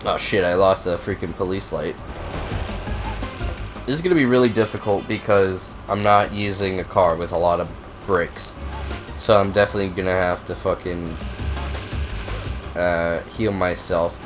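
A young man with a cold who coughs now and then, giving profane, excitable, rambling commentary on a racing game. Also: sits low, moderate pace, pauses often, over music. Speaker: gaming video host. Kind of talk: casual gameplay commentary.

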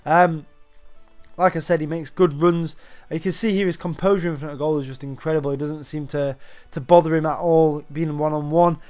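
Young guy reviewing a footy game card, bit out of breath, voice sits a bit high, lots of ums. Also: steady tone, moderate pace, darkish tone, smooth, soft background music. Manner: chatty, rambling, lots of ums and restarts. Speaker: gaming YouTuber. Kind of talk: casual game review commentary.

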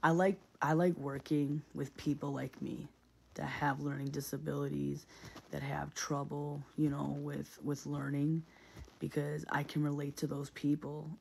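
A man's voice: fairly high pitch, flat delivery, a little slow, vocal fry, a little hiss or hum. A man in a casual, reflective monologue, speaking earnestly and often repeating himself with many fillers.

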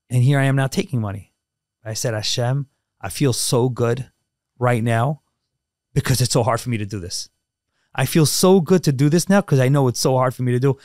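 A man's voice: mid-range voice, moderate pace, long pauses, a little mellow, dry recording, studio quality. A man who is a podcast guest, telling an emotional personal story emphatically, with many repeated words.

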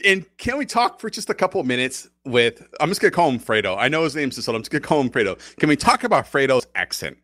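A man's voice: medium pitch, big pitch swings, fast, hardly any pauses, a bit bright, no room sound, clean studio sound. A man co-hosting a podcast, recapping a TV episode in casual, rambling chat and laughing often. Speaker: podcast co-host.

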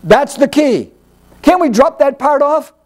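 Animated high-voiced male preacher. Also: a little slow. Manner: animated, acts out little dialogues, rhetorical questions. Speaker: pastor. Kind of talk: sermon teaching.

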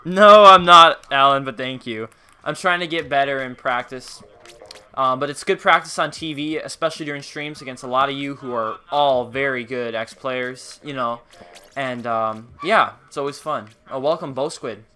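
A man's voice: medium pitch, normal speed, bright, forceful tone. A young man streaming a game, chatting casually and playfully, greeting viewers by name. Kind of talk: casual live-stream chat while gaming.

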